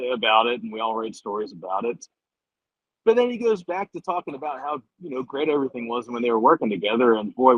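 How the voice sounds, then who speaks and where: A man who is a political journalist and biographer, answering at length in a rambling, animated way with many fillers and restarts. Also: medium pitch, dry recording. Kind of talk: conversational interview answer. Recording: dull, muffled remote audio.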